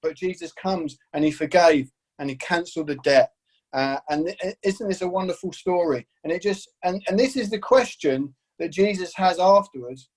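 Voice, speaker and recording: A man's voice: high voice, moderate pace, darkish tone, low-quality recording. A man preaching an earnest, enthusiastic sermon as pastor, with many rhetorical questions.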